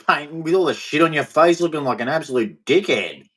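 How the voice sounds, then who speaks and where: A man's voice: a little high, animated, a little fast, fairly bright tone. A man, ranting bluntly and scornfully in commentary to the camera. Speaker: vlogger.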